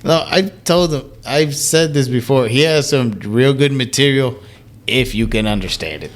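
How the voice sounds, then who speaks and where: A man's voice: medium pitch, moderate pace. A young man co-hosting a podcast, chatting casually, teasing, blunt and swearing. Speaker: podcast co-host. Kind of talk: casual chat.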